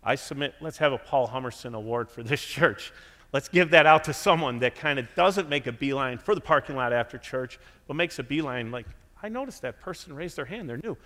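Animated preacher in a big echoing hall. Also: male voice, brisk. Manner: animated, acts out quotes with big pitch jumps. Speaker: pastor. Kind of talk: sermon. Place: church sanctuary. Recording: reverberant church hall.

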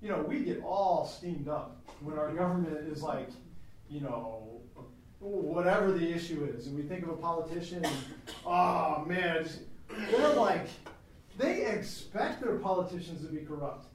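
A man teaching a Christian class in a lecture style that is chatty and animated, with asides, recorded from a distance in a classroom. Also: fairly high pitch, measured pace, slight background noise. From United States. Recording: very echoey room, mic at a distance.

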